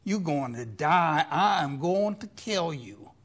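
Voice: mid-range voice, expressive, takes it slowly. A preacher voicing Queen Jezebel as a vengeful woman who bluntly threatens to kill a man. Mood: menacing.

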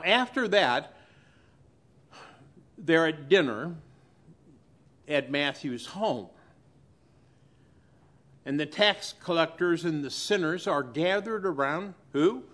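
A male pastor delivers a sermon to his congregation in a fairly high voice. He speaks slowly, with long dramatic pauses. He drops to a hush and then rises loud again. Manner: dramatic pauses, sharp swings between loud and hushed. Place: church.

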